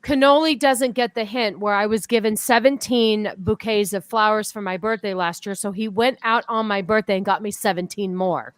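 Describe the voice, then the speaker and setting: A woman's voice: mid-range voice, normal speed, hardly any pauses, no room sound. A woman hosting a casual podcast chat, talking bluntly and swearing casually. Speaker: podcast host.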